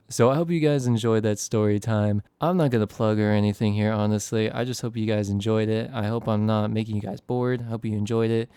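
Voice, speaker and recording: A man's voice: mid-range voice, creaky, warm tone, clear, resonant tone, dry recording. A young man casually telling a storytime over a close voice-over mic, in a laid-back, rambling, self-deprecating way. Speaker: storytime YouTuber.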